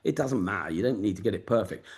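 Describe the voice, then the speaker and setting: A man's voice: fairly low pitch, expressive, quick pace, darkish tone. A man with a Luton and Peterborough accent, mentoring a group over a video call in a blunt, sweary, straight-talking way. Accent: English, Luton and Peterborough. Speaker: business mentor. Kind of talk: casual mentoring session.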